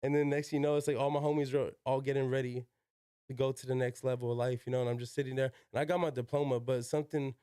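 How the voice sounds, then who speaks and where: Brief: young adult man, podcast guest, clear resonant voice, dry close sound, loose slangy storytelling with cursing. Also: mid-range voice, little pitch movement, fast talker, warm tone, no room sound. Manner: slangy, peppered with "yo" and "like", swears freely. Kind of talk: casual storytelling.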